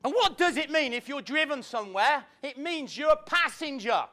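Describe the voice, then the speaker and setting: A man's voice: very high voice, lively intonation, moderate pace, bright, forceful tone. A man giving a motivational talk to a live audience in an event room, playful and acting out the people he quotes. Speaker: motivational speaker.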